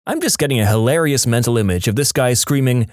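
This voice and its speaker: A man narrating short funny stories in a lively storytelling manner, now and then dropping into quick comic voices for quotes. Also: mid-range voice, no room sound, studio quality. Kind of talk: scripted narration.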